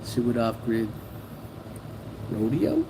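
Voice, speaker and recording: A man's voice: medium pitch, huge pitch swings, slow pace, background noise. A man hosting a casual livestream who rambles, jokes and laughs often while reading comments. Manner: rambling, joking, laughs often, mimics people. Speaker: livestream host.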